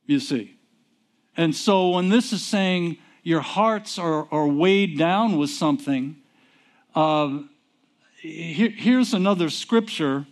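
A man preaching a sermon, teaching from scripture and tossing questions to the congregation before giving the answers himself. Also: a little high. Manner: call-and-response questions, drawn-out emphasis. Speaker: pastor.

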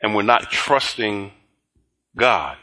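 A middle-aged male pastor preaching a sermon, slow and deliberate with emphatic repetition and chuckling asides. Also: fairly low pitch, expressive, sharp tone.

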